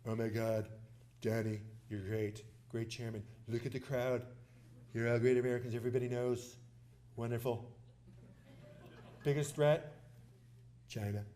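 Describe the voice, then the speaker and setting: A man's voice: mid-range voice, fairly even intonation, a little slow, long pauses, mellow, pitched below the performer's own voice, close to an everyday voice. A man doing an impression of a brash former male president who speaks in boastful, repetitive superlatives. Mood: flattering.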